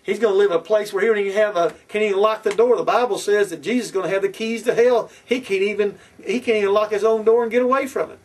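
High-voiced fiery man preaching a sermon. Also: fast talker, few pauses, a little mellow. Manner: preachy, repetitive, fiery and confrontational. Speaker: pastor. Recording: distant from the mic.

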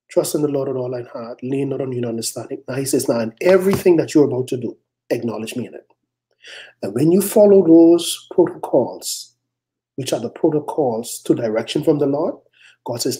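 With a mid-range voice, a male pastor preaches forcefully, moving suddenly into brief dramatized prayers and rising, cutting challenges to his listeners.

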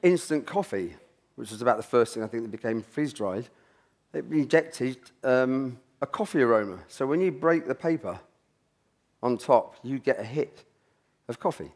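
A man's voice: medium pitch, expressive, moderate pace. A middle-aged man, telling a rambling story from his kitchen career at a symposium, often restarting his sentences. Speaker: chef giving a talk. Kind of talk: anecdotal talk at a symposium.

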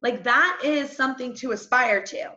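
A peppy young woman coaches her team on a call, chatty and casual with lots of "like" and "y'all." Her voice is bright and ringing, a little high. It sits in an echoey room on a dull, lo-fi recording. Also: normal speed.

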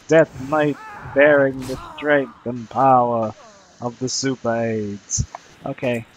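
A man's voice: mid-range voice, steady tone, slow, long pauses, low-quality recording. A young man giving crude, rambling let's play commentary, swearing constantly and muttering at the enemies he fights. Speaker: gamer playing solo.

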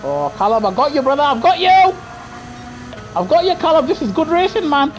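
A man's voice: very high voice, big pitch swings, brisk, a little hiss or hum. A man streaming a racing game live, chatting to viewers casually in slang and repeating himself. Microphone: gaming headset.

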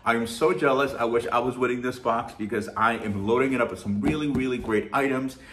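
A man hosting a shopping channel, chatting casually and warmly thanking his viewers in an effusive, heartfelt way. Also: mid-range voice, fairly even intonation, a little fast, over music. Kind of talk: casual vlog chat to viewers.

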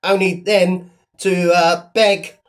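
A man's voice: high-pitched, level tone, slow pace. A man runs a mocking commentary in a loose, rambling way. He stacks up fillers and restarts, and his tone stays sneering and dismissive throughout. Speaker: online commentator.

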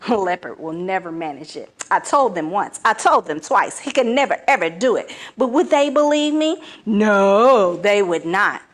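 A woman's voice: mid-range voice, lively intonation, moderate pace, hardly any pauses, lightly acted. A woman voicing a cunning, boastful male spider trickster with an eager, wheedling, theatrical manner. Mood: muttering.

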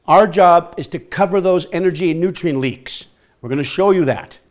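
Lively man presenting to an audience. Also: sits high, moderate pace. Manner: energetic, quizzes the audience. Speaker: workshop presenter. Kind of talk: lively workshop talk. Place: workshop room with an audience.

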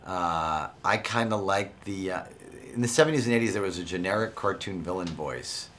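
A man talking as an actor and interview guest, relaxed and wry in casual conversation. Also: deep voice, moderate pace, slight background noise.

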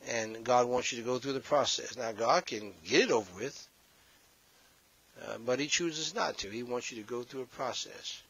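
A man's voice: medium pitch, moderate pace, a bit bright, breathy edge. A male pastor preaching a sermon, scolding and addressing the congregation directly, heard on a dull, slightly lo-fi recording.

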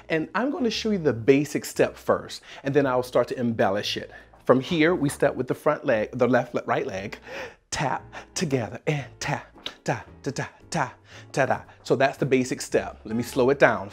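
A husky, mid-pitched dance instructor from South Carolina, calling out counts and scatting the rhythm with lively energy. Faint music plays underneath. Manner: energetic, counts beats aloud and scats rhythms, laughs often.

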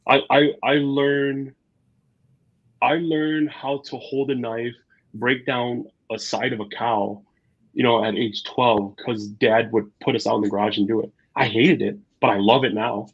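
A man with a slightly husky voice, talking as a guest chef in a casual interview. He tells his stories with energy, jumps into the voices of the people he quotes and fills pauses with "like" and "you know." The recording is a bit dull and lo-fi. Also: mid-range voice. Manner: animated storyteller, acts out quotes, many fillers. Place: Twin Cities area.

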